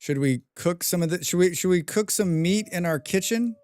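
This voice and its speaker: A man on a live game stream, chatting loosely with his viewers and reading their messages aloud. His voice sits a little high for a man, and the sound is close and dead, with no room around it. Between remarks he hums and mumbles to himself. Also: moderate pace, a little mellow, dry recording. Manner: reads viewer chat aloud and answers with dry, rambling jokes. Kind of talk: casual live-stream chat while playing a survival game.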